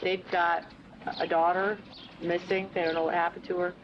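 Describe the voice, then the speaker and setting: A woman's voice: fairly low pitch, level tone, normal speed. A woman investigator in a police interview, pressing persuasively and appealing to empathy. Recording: dull archival footage with noise.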